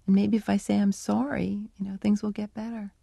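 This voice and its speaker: A woman's voice: mid-range voice, little pitch movement, fairly quick, vocal fry, warm tone, husky, no room sound. A middle-aged woman researcher answering interview questions, telling anecdotes thoughtfully and acting out remembered lines of dialogue. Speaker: animal researcher, interview guest. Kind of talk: radio interview, storytelling answers.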